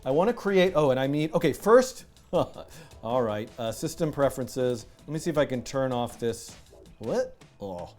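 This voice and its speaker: A man hosting a live coding stream, chatting casually, animated and self-mocking, laughing often. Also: medium pitch, normal speed, soft background music. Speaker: livestream coding host. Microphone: headset with music in his ear.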